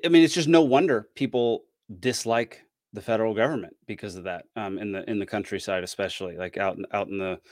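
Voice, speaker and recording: A man hosting a podcast, giving casual commentary in a halting way with many fillers and restarts. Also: on the low side, no room sound, studio quality. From Georgia, US. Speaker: podcast host reacting to a clip.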